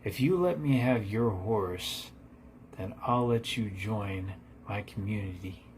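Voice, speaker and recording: A fatherly cult leader , as a man puts him on, speaks in slow, measured, preachy phrases. His voice sits low. A faint ambient hum stays underneath. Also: a little mellow. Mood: solemn. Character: solemn male cult leader, calm, fatherly.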